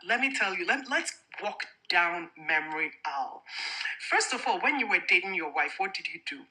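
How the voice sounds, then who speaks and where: A woman's voice: medium pitch, animated, moderate pace, bright, forceful tone, rough recording. A woman hosting a casual faith-based talk on relationships, speaking frankly and emphatically with rhetorical questions. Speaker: podcast host.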